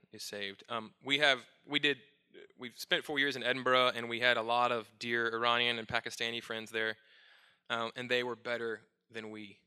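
A man's voice: medium pitch, sharp tone, clear, resonant tone. A middle-aged male pastor preaching a sermon, earnest and self-searching with touches of light humor.

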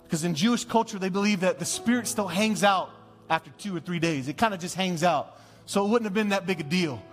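A male pastor preaching a sermon, telling a Bible story in a lively, conversational way and acting out the scenes. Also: high voice, brisk. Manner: animated, conversational, acts out the scenes. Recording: long church-hall reverb, faint music.

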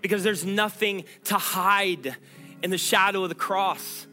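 A man's voice: high voice, steady tone, measured pace, pushed and bright, faint music behind. A man pastor preaching a sermon, earnest and pleading, building to emphatic declarations.

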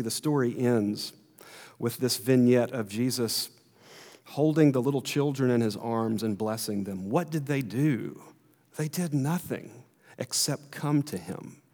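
A man's voice: medium pitch, a little mellow. An earnest male pastor preaches a sermon, building emphasis and repeating words as he presses a point. His voice sits in the middle range. A long reverb rings through the church sanctuary.

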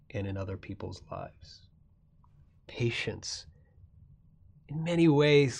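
A man preaching a sermon who moves between quiet, dropping phrases and loud, emphatic lines. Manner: swings from soft, low asides to loud, rising emphasis. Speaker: pastor.

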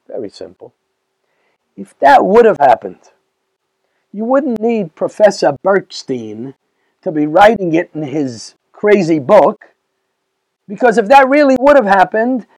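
A rabbi lectures to a live audience in a strikingly high voice. He talks in an animated, rhetorical way and keeps firing questions at his listeners. The sound is dry and close, with almost no room echo.

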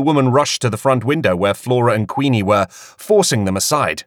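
A man narrating an audiobook in an expressive storytelling manner. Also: medium pitch, moderate pace, hardly any pauses, no room sound, studio quality. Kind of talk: scripted narration.

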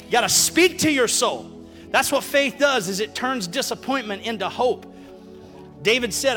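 A man preaching a lively sermon in church, acting out Bible stories in casual, slangy talk. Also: very high voice, a little slow, big-room sound, faint music behind. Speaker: pastor.

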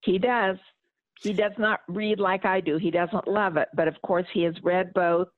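A woman's voice: fairly low pitch, fairly even intonation, moderate pace, no echo. A middle-aged woman author answering interview questions and reading aloud from her novel, speaking earnestly. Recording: tinny phone line.

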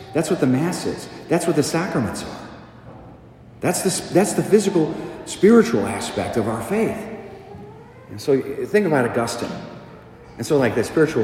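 A middle-aged male pastor delivers a conversational sermon, firing questions and asides at his congregation. His pitch rises and falls in lively swings. The voice rings through a roomy church with a long echo and a faint hum behind it. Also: a little fast. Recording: echoey church, long reverb, faint ambience.

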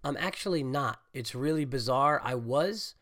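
A congested man, a stand-up comedian and podcast host, talking in a rambling, animated monologue full of fillers and swearing. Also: mid-range voice, normal speed. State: congested, getting over a cold. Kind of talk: casual solo podcast monologue.

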